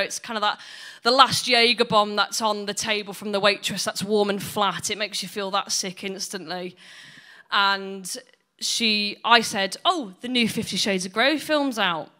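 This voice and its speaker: A woman's voice: medium pitch, fairly even intonation, moderate pace, sharp tone. A woman doing blunt, sweary, self-mocking stand-up storytelling. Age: 20s. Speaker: stand-up comedian.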